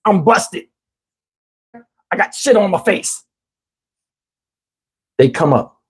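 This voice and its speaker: A middle-aged man from New Jersey telling a comic story in a casual, animated, profane way, talking to listeners as y'all. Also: high voice, takes it slowly, breathy edge.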